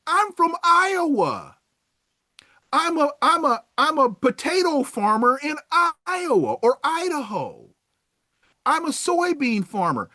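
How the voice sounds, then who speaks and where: A man puts on an indignant middle-aged farmer, voice pushed up high and swooping wildly as he pleads and rants. The delivery is dry and close, with no room around it. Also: sing-song, slow, pushed and bright, dry recording, exaggerated voice. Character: aggrieved male rural voter, middle-aged.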